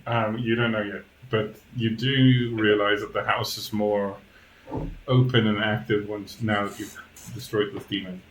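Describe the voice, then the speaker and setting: A man narrating a tabletop game as game master, hesitant with many pauses and restarts. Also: lowish voice, flat delivery, roomy sound, slight background noise, low-quality recording. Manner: hesitant, lots of ums and restarts.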